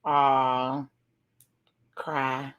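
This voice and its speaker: A woman's voice: very deep voice, flat delivery, very slow, a bit bright, clean tone, highs cut off. A woman talking casually through a TV episode, retelling scenes and reacting with exclamations. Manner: chatty, narrates scenes aloud with exclamations. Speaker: reaction video host.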